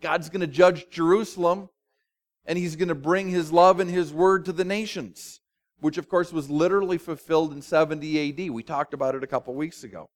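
A man preaching a sermon as pastor, talking conversationally and with animation, with dramatic pauses and asides. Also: on the high side, steady tone.

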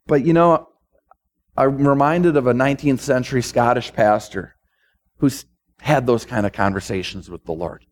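A man's voice: mid-range voice, normal speed. Male pastor, mid-range voice, emphatic sermon delivery with repeated build-ups.

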